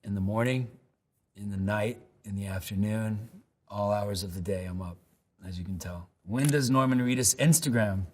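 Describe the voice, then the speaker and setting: A man with a lowish voice talks casually through a string of questions. He rambles and restarts, slipping into loose anecdotes with dry self-deprecation. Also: moderate pace. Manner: laid-back, rambling, self-deprecating storyteller. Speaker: actor answering web search questions. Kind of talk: casual unscripted answers and anecdotes. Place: lives in New York.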